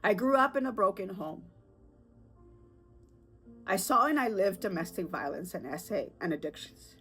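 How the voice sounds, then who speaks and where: A woman in her thirties, perhaps with a lilt, hosting a personal podcast in an earnest, emotional way, with halting restarts and fillers. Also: mid-range voice, fairly bright tone, soft background music. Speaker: podcast host.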